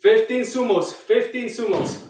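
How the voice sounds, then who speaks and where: A man's voice: very high voice, unhurried, warm tone. A man coaching a workout, counting reps aloud and calling out each move while out of breath. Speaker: fitness coach. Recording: echoey room, far from mic.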